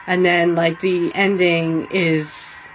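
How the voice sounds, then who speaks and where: A woman's voice: on the low side, flat delivery, slow, slight background noise, rough recording. A young adult woman hosting a watch-along podcast, chatting casually and giggly with lots of fillers. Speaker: podcast host.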